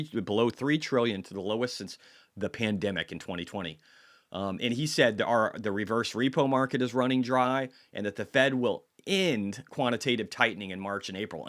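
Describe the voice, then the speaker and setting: A man's voice: lowish voice, a bit bright. A man hosting a casual market commentary video, talking bluntly with frequent profanity and occasionally apologizing for going off on a tangent.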